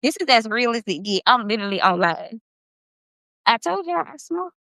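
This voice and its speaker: A woman of about thirty hosts a casual livestream, speaking emphatically and passionately and swearing freely. Her slightly high voice is very animated, gravelly, pushed and bright, at a normal speed, in a dry recording.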